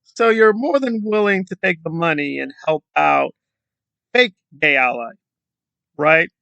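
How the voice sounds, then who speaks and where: Sarcastic high-voiced man ranting. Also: a little slow, vocal fry, pushed and bright, clean tone, dry recording. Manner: combative, sarcastic, rhetorical questions. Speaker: commentary YouTuber. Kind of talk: ranting commentary vlog.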